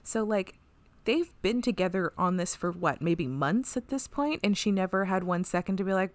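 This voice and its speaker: A woman co-hosting a casual podcast, talking through an episode in a loose, rambling way. Her pitch swoops widely, and she laughs and swears often. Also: lively intonation, normal speed, no room sound. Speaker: podcast co-host. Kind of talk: casual chat recapping an episode.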